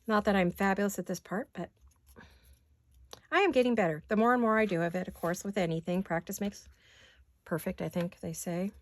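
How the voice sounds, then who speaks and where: A woman craft vlogger in her home studio, her voice raspy from allergies, chatting casually and self-deprecatingly to viewers while she works. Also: mid-range voice, a little fast, pauses often, dry recording.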